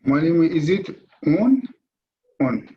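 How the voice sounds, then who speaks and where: A male student sounds out French words, halting and unsure of himself. He speaks very slowly, and his voice comes through muffled, as if he is sitting some way from the mic. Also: on the high side, big pitch swings. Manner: hesitant, reading words aloud slowly.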